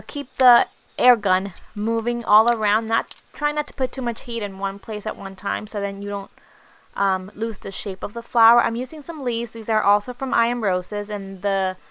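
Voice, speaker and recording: A woman's voice: on the high side, a bit bright, smooth, low-quality recording. Easygoing woman narrating a craft tutorial. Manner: easygoing, with frequent ums.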